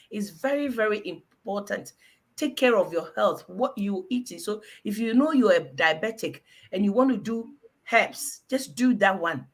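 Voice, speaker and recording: A woman in her forties giving casual health advice, animated and scolding, repeating words for emphasis. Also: fairly high pitch.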